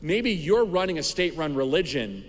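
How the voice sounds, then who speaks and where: A commentator firing off rapid rhetorical questions. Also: male voice, a little high, big pitch swings, in a large hall.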